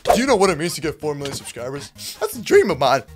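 A man's voice: on the high side, fast talker, breathy edge, faint music behind. Hyped man doing game commentary. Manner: hyped, slangy, excitable, talks to viewers. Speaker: gaming YouTuber. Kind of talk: Minecraft gameplay commentary.

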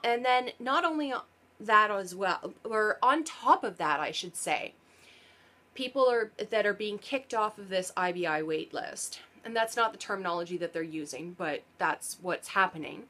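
A woman talks to camera in a casual explainer vlog. Her voice sits at an ordinary middle pitch. She explains earnestly, turns sarcastic at times, and often backs up to fix her wording. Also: pushed and bright. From Canada. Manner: sarcastic, earnest explaining with frequent self-corrections. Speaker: parent and vlogger.

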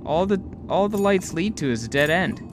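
Excitable young man swearing through gameplay. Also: sits high, moderate pace, noisy background. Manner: excitable, swears often, talks to himself. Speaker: gaming video host. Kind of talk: live gameplay commentary.

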